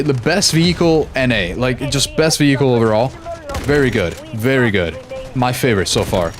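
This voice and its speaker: Laid-back American man streaming a shooter. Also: mid-range voice. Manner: laid-back, laughs often, reads chat aloud. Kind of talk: casual live-stream chat while gaming.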